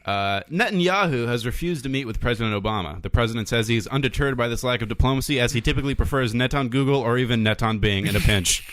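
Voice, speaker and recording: A man's voice: medium pitch, quick pace, few pauses, fairly bright tone. A man co-hosting a comedy podcast, trading wry jokes and laughing easily. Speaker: podcast co-host. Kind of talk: comedic joke-trading banter.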